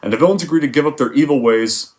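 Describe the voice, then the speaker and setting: A man's voice: a little high, fast talker. A man giving an exasperated, emphatic film review rant, swearing often as he complains. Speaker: movie reviewer.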